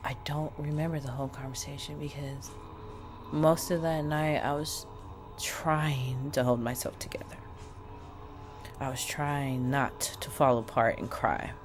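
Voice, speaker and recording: A woman vlogger telling a personal story to the camera in a chatty, expressive way, talking straight to her viewers. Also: extremely low pitch, measured pace, music in the background.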